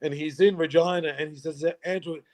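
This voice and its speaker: A man's voice: medium pitch, moderate pace. Jokey man telling stories. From Newfoundland, Canada. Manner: jokey storyteller, laughs often, restarts phrases. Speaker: guest. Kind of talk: casual interview chat.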